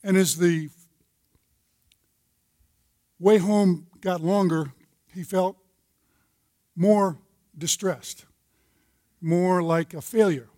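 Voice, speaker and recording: An older man with a high voice gives a sermon-style Bible lesson to a group of men. He tells a story in a folksy way and cites scripture as he goes. The sound is dry and close. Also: steady tone, slow, long pauses, warm tone, no echo. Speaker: men's group teacher.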